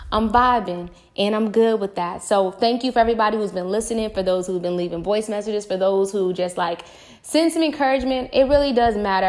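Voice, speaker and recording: A woman's voice: medium pitch, darkish tone. A woman hosting her own podcast, talking in an earnest, reflective way and speaking straight to her listeners. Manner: earnest and reflective, rambling with restarts; encouraging, talks straight to listeners. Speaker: podcast host. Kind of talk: casual spiritual podcast monologue.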